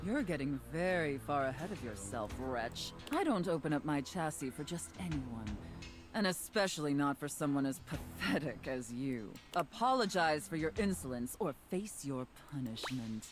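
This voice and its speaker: An imperious mistress safe. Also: female voice, deep voice, big pitch swings, soft background music. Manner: imperious, contemptuous, slow deliberate. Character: haughty domineering female safe, commanding mistress. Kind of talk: video game voice acting.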